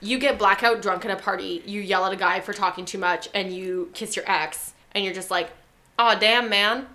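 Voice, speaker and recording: A woman's voice: medium pitch, steady tone, brisk, pushed and bright. A young woman in casual chat, blunt and teasing, swearing freely.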